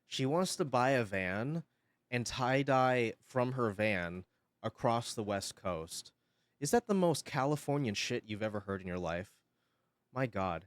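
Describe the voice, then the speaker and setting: A man livestreaming and chatting casually with his viewers, telling an animated story while swearing freely and laughing often. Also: medium pitch, no echo. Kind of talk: casual stream chat.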